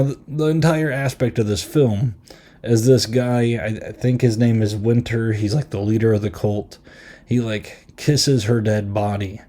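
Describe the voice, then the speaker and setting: A man hosting a podcast, casually recapping a horror film with lots of "like" and "um" and quick half-acted quotes. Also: on the low side, warm tone. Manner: rambling, filler-heavy recap with frequent "like" and "um"; easily amused, retells scenes with quick half-acted quotes. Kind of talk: casual chat.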